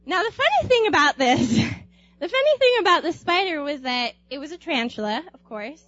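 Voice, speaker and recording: A young woman telling a personal anecdote aloud in an animated way, laughing often and acting out screams. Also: sits high, brisk, dry recording, lo-fi sound. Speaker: storyteller.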